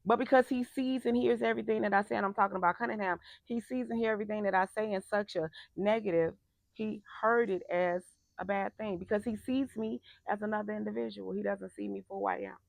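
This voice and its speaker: A woman life coach giving a passionate motivational talk, emphatic and turning loud and animated when making a point. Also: medium pitch, fast, vocal fry, dry recording.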